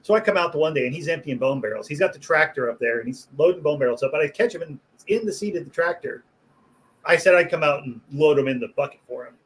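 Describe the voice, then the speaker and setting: Male butcher guest, slightly high voice, animated and profane storyteller. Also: fast talker, rough recording. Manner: animated, profane, laughs through his own stories. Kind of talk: casual storytelling chat.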